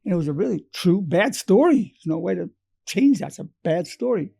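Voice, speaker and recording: A man in his eighties teaches by telling stories from his practice, quoting each exchange and circling back to key lines. His voice sounds gravelly and mellow. It sits a little high for a man. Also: animated, brisk. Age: 80s. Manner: retells client stories with quoted dialogue and repeated phrases. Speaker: psychologist. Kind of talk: storytelling lecture.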